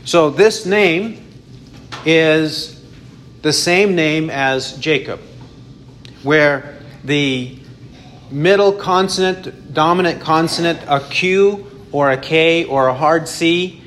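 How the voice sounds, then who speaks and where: A man teaching a Bible study, explaining in a measured way with frequent restarts and self-corrections. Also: fairly high pitch, fairly bright tone, a little hiss or hum.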